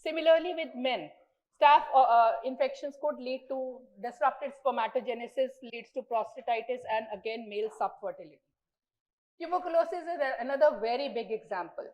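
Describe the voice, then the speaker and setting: A woman's voice: high-pitched, a little fast, darkish tone, muffled recording. Indian woman giving a medical lecture. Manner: earnest, explanatory, stresses key words by repeating them. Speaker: doctor giving a conference lecture.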